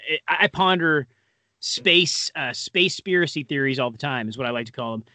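A man's voice: mid-range voice, animated, brisk, pushed and bright, no echo. A man co-hosting a podcast in casual, rambling chat, full of fillers and self-deprecating asides. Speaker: podcast co-host.

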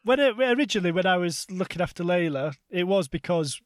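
A man in his thirties co-hosting a comedy podcast, telling animated stories and swearing freely. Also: high voice, fast talker. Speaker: podcast co-host. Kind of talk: casual comedic chat.

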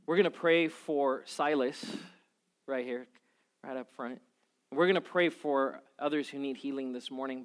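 A man preaching as a pastor, moving from quiet prayer to lively, animated storytelling. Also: medium pitch, smooth. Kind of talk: sermon.

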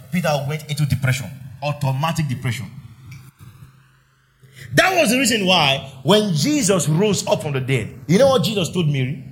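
A man's voice: on the high side, fairly bright tone. A male pastor preaching a sermon in church, asking the congregation for amens and acting out Bible scenes. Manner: preaching with call-and-response prompts and dramatized Bible quotes.

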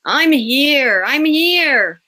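A woman's voice: high-pitched, expressive, drawn-out words, bright, forceful tone, voice pushed up, heavily acted. A woman voicing a sleepy, grumbling young man. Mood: grumpy. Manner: grumbling, drowsy.

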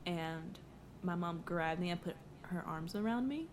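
A young woman co-hosting a casual podcast chat, swearing freely and telling stories with lively energy. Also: on the low side, measured pace, a little hiss or hum. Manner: profane, animated storyteller. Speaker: podcast co-host.

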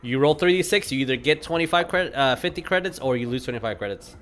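A man's voice: medium pitch, lively intonation, quick pace, a bit bright. A man running a tabletop game as game master, chatty and explaining rules as he makes them up.

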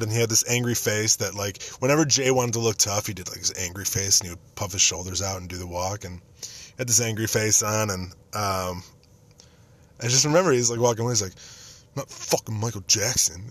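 Homem de voz grave, tom de brincadeira. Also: male voice, lowish voice. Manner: self-mocking, joking, nostalgic. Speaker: podcast host. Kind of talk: casual storytelling monologue.

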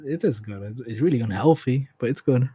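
A man from Britain chatting casually as a guest, giving brief, soft-spoken answers. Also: medium pitch, a little fast, husky, no echo. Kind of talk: casual chat.

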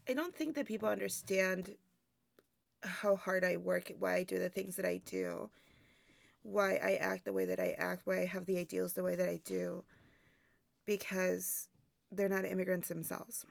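A woman speaks with a gravelly, slightly fried texture, reflecting in a relaxed interview and breaking into laughs between thoughts. The sound is dry and close, with no room around it. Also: fairly low pitch, normal speed, no echo. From immigrant to the United States. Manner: reflective, laughs often, many fillers. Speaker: burlesque performer, guest. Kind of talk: casual interview chat.

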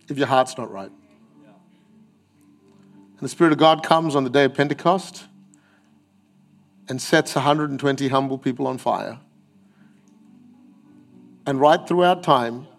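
A man preaching a sermon in church, emphatic and acting out the voices he quotes. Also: a little high. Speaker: pastor.

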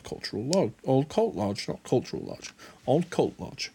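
A man's voice: mid-range voice, moderate pace, gravelly, breathy edge. A man swearing and muttering through casual commentary as he plays a game. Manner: sweary, animated, mutters under his breath. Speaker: gamer.

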